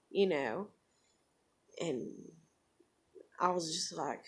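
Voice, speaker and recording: A woman's voice: mid-range voice, unhurried. Middle-aged woman for a vlog, chatty and profane, loose storytelling delivery. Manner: rambling, profane, many fillers. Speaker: vlogger. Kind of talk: casual storytelling.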